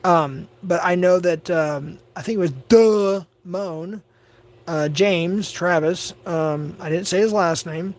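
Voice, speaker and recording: A man on a livestream delivers an agitated rant in a fairly high voice. He stammers, doubles back on his words and repeats himself as he talks. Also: slow. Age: adult. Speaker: livestream host.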